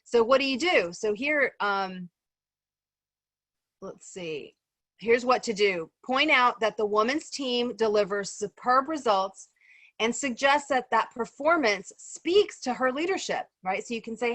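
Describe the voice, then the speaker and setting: A woman's voice: fairly high pitch, expressive, a little slow, a bit bright, dry recording. A woman facilitating a group discussion in a conversational way, full of ums and "right?" checks. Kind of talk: casual group discussion on a video call.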